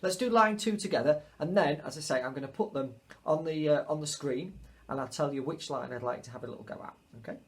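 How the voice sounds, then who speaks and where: A man's voice: a little high, fast talker. A man teaching a remote music lesson to children, patiently spelling out rhythms.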